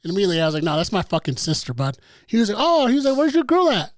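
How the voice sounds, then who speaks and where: A man's voice: sits high, big pitch swings, racing, no echo. A man co-hosting a podcast, telling a story in casual chat, blunt and profane. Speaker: podcast co-host.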